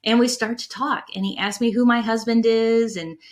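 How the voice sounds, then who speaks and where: A middle-aged woman giving a conference talk on leadership, an animated storyteller who is candid and emotional about her past. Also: a little high, normal speed. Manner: animated storyteller, acts out quoted people in her anecdotes. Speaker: conference breakout speaker on leadership.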